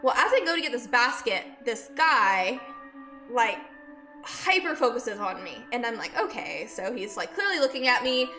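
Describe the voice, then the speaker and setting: A woman streamer who works as a nurse chats casually with her live viewers, greeting them by name as she rambles through a story. She's sick and out of breath, yet her fairly high voice stays expressive at a moderate pace. Faint music plays in the background.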